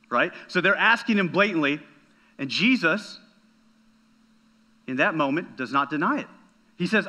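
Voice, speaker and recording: Bright-voiced male pastor preaching. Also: fairly high pitch, lively intonation, moderate pace, long pauses. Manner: emphatic, asks the audience "right?", repeats words. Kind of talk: sermon.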